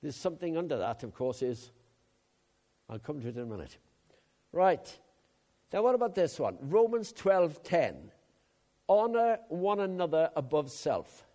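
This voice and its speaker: A man preaching a sermon, telling personal stories in a chatty way with loud emphatic bursts. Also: a little high, sing-song, measured pace, long pauses.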